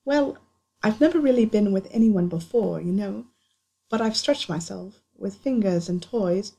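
Storybook role: eager young wizard, soft and breathy, voiced by a woman. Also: medium pitch, unhurried.

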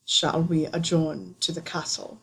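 Storybook role: grave older wizard, quiet and breathy, read by a woman. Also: sits low, level tone, a little slow, exaggerated voice, low-quality recording. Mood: tender. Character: stern older wizard man, low and measured.

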